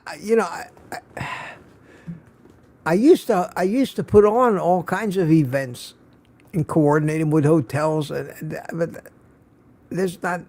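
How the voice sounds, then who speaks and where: Older man as a weary live-stream host, casual and halting, a little high-pitched. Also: a little mellow. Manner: halting, many restarts and fillers. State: tired.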